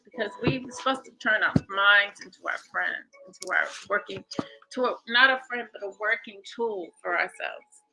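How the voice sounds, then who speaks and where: A woman hosting a livestream, slowly guiding listeners through self-reflection questions and thanking viewers by name. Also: mid-range voice, sharp tone, poor audio. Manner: slow, repeating questions with shifting emphasis. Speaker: livestream host. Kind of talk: guided self-reflection talk.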